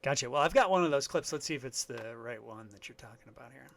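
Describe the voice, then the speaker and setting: A man, a film director, interviewing a guest with brief, relaxed reactions. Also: mid-range voice, quick pace, vocal fry, slight background noise. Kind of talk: casual interview.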